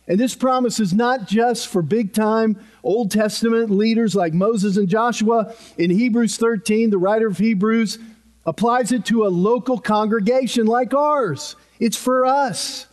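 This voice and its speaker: A man's voice: high voice, unhurried, darkish tone. A man preaching a sermon as a pastor, earnest and emphatic, repeating key phrases for weight.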